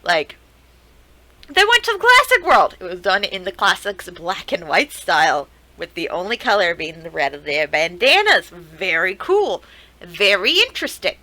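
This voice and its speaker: A young woman streamer giving casual, excitable reaction commentary, swearing and laughing as she talks to the screen. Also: lowish voice, moderate pace, no echo, low-quality recording.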